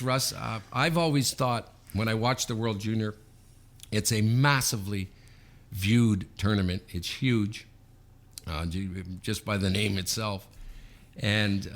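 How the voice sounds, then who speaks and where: A man in his fifties from Canada, co-hosting a podcast and telling an anecdote in a lively way, often checking in with "okay?". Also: lowish voice. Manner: animated anecdote teller, frequent "okay?" check-ins. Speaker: podcast co-host. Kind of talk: casual storytelling.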